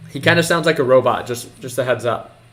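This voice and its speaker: An excitable young man hosting a trading livestream, talking casually and hyping up the chat. His voice sits at an ordinary, middle pitch. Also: fairly quick.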